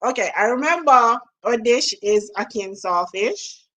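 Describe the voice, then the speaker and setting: A woman's voice: a little high, lively intonation, normal speed, bright, forceful tone, muffled recording. A middle-aged woman from Jamaica with a Jamaican accent, talking to camera in a casual, musing vlog, trailing off and laughing at herself. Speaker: vlogger. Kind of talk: casual reflective monologue.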